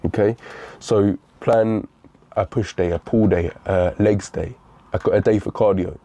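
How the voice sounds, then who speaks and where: A man's voice: fairly low pitch, steady tone, measured pace, mellow. A young man giving a blunt, repetitive motivational talk, calling the listener bro. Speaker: fitness motivational speaker.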